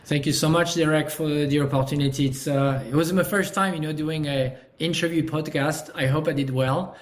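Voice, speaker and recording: French guy on a podcast, kinda high voice, lots of ums and you knows, earnest. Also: fairly even intonation, normal speed. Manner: earnest, many fillers and restarts. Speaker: podcast guest. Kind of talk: casual interview talk.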